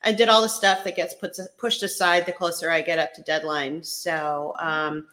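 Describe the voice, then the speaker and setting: Woman, author guest, casual chat, bright voice, lowish pitch, easy laughs. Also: moderate pace. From Northern California. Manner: relaxed, laughs often.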